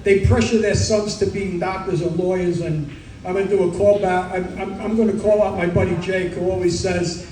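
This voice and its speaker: High-voiced Brooklyn comic with New York Italian accent. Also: male voice, a little hiss or hum. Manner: rapid-fire one-liners, deadpan punchlines. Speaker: stand-up comedian. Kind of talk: stand-up comedy set. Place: comedy club stage. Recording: roomy club sound from a distance.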